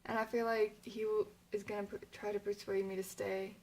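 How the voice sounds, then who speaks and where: A young woman vlogging to her camera in a loose, rambling way, full of fillers and restarts. Her voice sits at an ordinary pitch, and she sounds slightly emotional. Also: flat delivery, a little fast, darkish tone, a little hiss or hum, rough recording. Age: young adult. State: emotional, near tears. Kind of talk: casual chat to camera.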